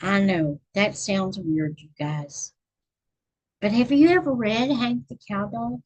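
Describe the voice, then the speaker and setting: A middle-aged woman from Texas hosts a relaxed live stream, chatting with whoever drops by. She talks at an unhurried pace with a slightly husky voice. Now and then she counts stitches aloud as she crochets. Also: medium pitch, dull audio. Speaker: channel host reading books. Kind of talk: casual live-stream chat.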